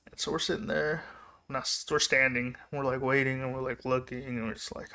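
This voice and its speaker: The voice is mid-range, gravelly and sharp, delivered briskly with level intonation. As a vlogger, he rambles casually through a personal anecdote, chatting away and breaking off his own sentences only to start them anew.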